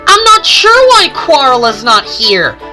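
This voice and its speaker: A fretful, friendly little train engine from a homemade storybook, voiced by a woman. His voice is pitched high and bright, rising and falling with worry. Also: big pitch swings, slow, faint music behind, full character voice. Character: friendly male train engine, anxious, a bit sick.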